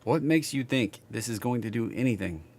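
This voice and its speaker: Gravelly Southern man talking charts. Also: mid-range voice, expressive, brisk, a little mellow. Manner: casual, chatty, reacting to viewers while reading charts. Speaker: stock market streamer. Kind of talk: live chart analysis stream.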